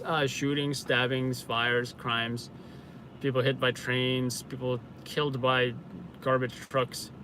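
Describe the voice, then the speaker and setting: A man's voice: medium pitch, fairly bright tone, rough recording. A man hosting a casual live stream from inside a car, rambling with many fillers as he answers viewers. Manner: rambling, filler-heavy, self-correcting. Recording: car and street noise.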